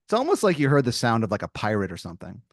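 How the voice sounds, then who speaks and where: Man, podcast host, rambling improv storyteller, gravelly, low voice, dry close mic. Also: huge pitch swings, very fast, no room sound. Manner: rambling, full of "like" and "you know".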